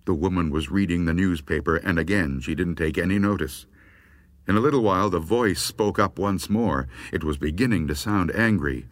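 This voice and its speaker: A man reading a spooky folk story aloud with unhurried, expressive delivery. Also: low-pitched, no room sound.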